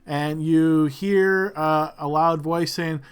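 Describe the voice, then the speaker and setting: A man's voice: fairly high pitch, steady tone, slow, clear, resonant tone. A man narrating as game master for a tabletop role-playing game, describing scenes in a loose way with many fillers.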